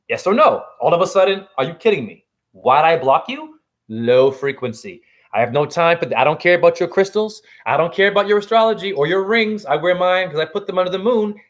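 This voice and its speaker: A man holding forth on a livestream as a self-styled spiritual teacher, profane and rambling. His voice sits high for a man and leaps around with lively swings of pitch. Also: brisk. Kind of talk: livestream rant.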